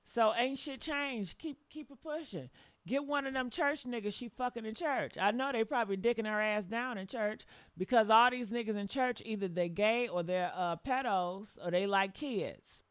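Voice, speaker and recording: A woman hosting a reaction commentary with a hoarse voice, talking in a blunt, profane and preachy way. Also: fairly high pitch, moderate pace, no echo. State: hoarse from yelling. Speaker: commentary show host.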